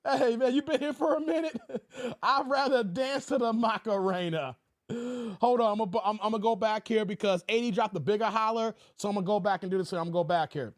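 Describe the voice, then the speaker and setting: A man's voice: high voice, a little fast, no echo, studio quality. A middle-aged man hosting a casual livestream, playful and laughing often as he reads out the chat and thanks donors. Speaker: livestream host.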